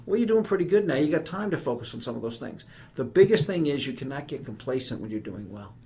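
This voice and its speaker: A man in his fifties from New York with a New York accent, a retired army general telling animated, emphatic stories as a podcast guest. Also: mid-range voice, fast talker. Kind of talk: conversational podcast interview.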